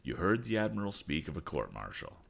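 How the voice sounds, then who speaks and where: A man voicing a calm, steely middle-aged sea captain who speaks in a measured, grave way. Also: extremely low pitch, gravelly, heavily acted.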